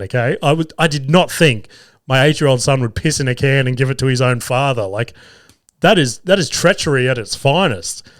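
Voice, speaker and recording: Laughing and cursing through a family anecdote, the Australian man hosting this podcast speaks at a medium pitch. He's a dad to two young boys, and the studio-quality audio has no room sound at all.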